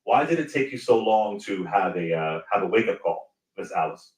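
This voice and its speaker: Lowish guy grilling the guest, repeats himself, echoey and kinda far from the mic. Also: animated, normal speed. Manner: pressing, repeats his questions. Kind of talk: interview questioning.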